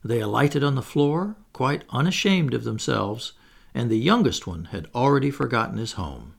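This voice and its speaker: In scripted audiobook narration, a man reads a children's tale and slips in wry asides to the listener. His voice is mid-range and creaky, with lively intonation at normal speed.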